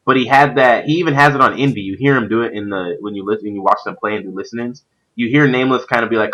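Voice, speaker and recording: A man's voice: mid-range voice, quick pace, highs cut off. A man hosting a stream, chatting casually about competitive gaming and rambling with lots of fillers. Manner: animated, rambling with many fillers. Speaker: stream host; youth pastor. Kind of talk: casual esports chat.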